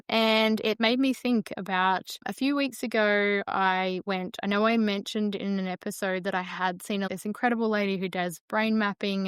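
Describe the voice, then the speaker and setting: Woman podcasting solo, smooth clear voice, dry close sound, rambles thoughtfully. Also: mid-range voice, no room sound. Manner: reflective and meandering, with frequent fillers. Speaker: podcast host.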